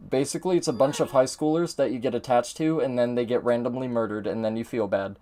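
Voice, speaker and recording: A man's voice: mid-range voice, fairly even intonation, quick pace, mellow. A man giving casual gameplay commentary as a streamer, chatty and swearing a lot.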